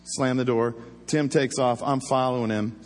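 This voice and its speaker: A former police officer telling a story in a casual, animated way, acting out the voices he quotes. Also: medium pitch, moderate pace, in a large hall, slight background noise.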